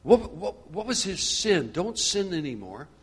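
A middle-aged man shares and preaches to a small church group. His voice sits a little high. He talks conversationally, then builds into fervent, repetitive exhortation. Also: big pitch swings, a little slow, husky. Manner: conversational, grows fervent and preachy, repeats phrases. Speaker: group leader.

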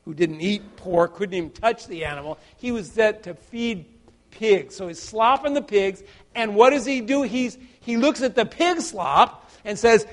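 Preaching in a voice that sits high, this middle-aged man comes across as sincere yet hesitant. He keeps restarting, repeats his words, and poses questions to the congregation.

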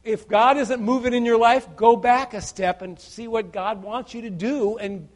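A middle-aged man preaching a sermon, earnest and halting, full of restarts and repeated words, putting questions to his listeners. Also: very high-pitched, steady tone.

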